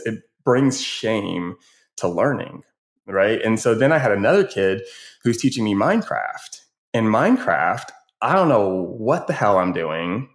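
Male educator guest, deeper voice, lively anecdotal talker. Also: normal speed. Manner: animated storyteller, quotes kids in raised voices. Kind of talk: casual podcast conversation.

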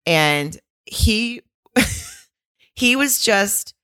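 A woman's voice: mid-range voice, animated, drawn-out words, bright, forceful tone, no room sound, studio quality. A woman co-hosting a podcast in casual chat, laughing often and retelling scenes in quoted voices. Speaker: podcast co-host.

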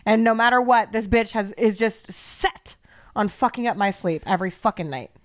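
A woman's voice: mid-range voice, normal speed. A woman co-hosting a podcast, ranting heatedly and swearing freely in casual chat. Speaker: podcast co-host.

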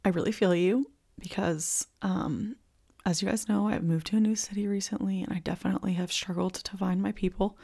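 A young woman hosting a live intuitive reading, talking in a casual, earnest way with many likes and ums, sometimes tearful and dropping into soft whispers. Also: mid-range voice, steady tone, a little fast, creaky, husky. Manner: warm, earnest, chatty with frequent likes and ums. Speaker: intuitive reader and podcast host. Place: indoors, filming herself on video.

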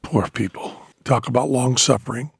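A man's voice: mid-range voice, normal speed, gravelly, husky, no room sound, clean studio sound. An older man hosting a casual chat, rambling and teasing his daughter. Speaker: podcast host.

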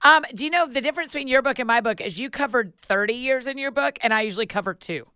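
A woman hosting a podcast, chatting casually and affirming her guest with quick responses. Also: a little high, clean tone, no echo. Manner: warm encouraging listener, quick affirmations. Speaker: podcast host. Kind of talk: casual interview chat.

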